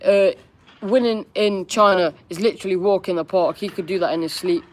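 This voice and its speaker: A man's voice: sits high, steady tone, fairly quick, slight background noise. A young man hosting a live-stream Q&A, reading viewers' questions aloud and answering in a chatty, candid way with casual slang. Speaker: football fan streamer.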